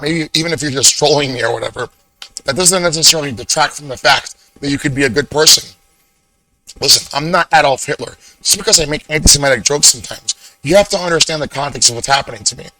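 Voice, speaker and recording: A man's voice: fairly high pitch, bright, forceful tone, poor audio. Earnest rambling young man. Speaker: vlogger. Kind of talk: casual monologue to camera.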